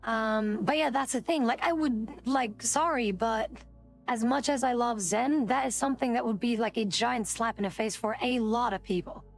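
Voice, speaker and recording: A woman's voice: a little high, moderate pace, gravelly, soft background music. A woman streamer chatting casually, indignant and rambling, swearing often. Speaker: VTuber streamer.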